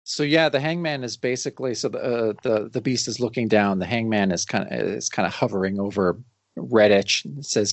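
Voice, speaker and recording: A man's voice: lowish voice, brisk, dry recording. A man co-hosting a casual comic-book podcast, reading out panels and acting out the lines. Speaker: podcast co-host.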